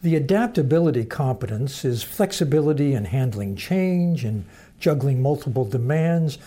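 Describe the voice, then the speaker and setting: A man giving a measured, explanatory lecture that mixes teaching with storytelling. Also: on the high side, warm tone, slightly rough.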